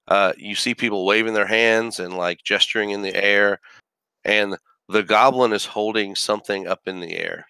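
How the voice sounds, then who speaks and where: A man's voice: fairly low pitch, pushed and bright, clear, resonant tone, no echo. A man narrating a tabletop game as game master, describing scenes with many restarts.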